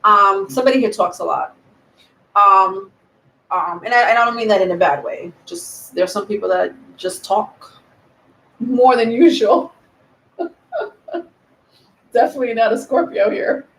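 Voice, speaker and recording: A woman giving a live tarot reading, rambling and thinking aloud with many pauses and ums. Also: mid-range voice, expressive, a bit bright. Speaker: tarot reader. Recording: roomy echo.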